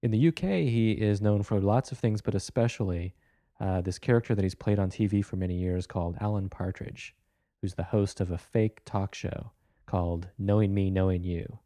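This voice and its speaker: A man with a deep, mellow voice hosts a film program, introducing the guest and a clip. He talks in a relaxed, conversational way with a few fillers, and the sound is dry and close. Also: normal speed, no room sound. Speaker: radio film show host.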